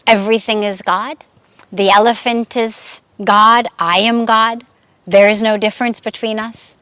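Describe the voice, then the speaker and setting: A woman's voice: on the high side, fairly even intonation, unhurried, fairly bright tone, smooth, no room sound. Woman voicing a stubborn proud young disciple. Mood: defiant. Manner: self-assured, insistent.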